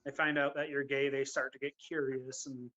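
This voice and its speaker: A man's voice: mid-range voice, level tone, normal speed, sharp tone, muffled recording. A man from Utah, a guest on a podcast, talking in an easygoing, matter-of-fact way in casual group chat. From Utah, United States.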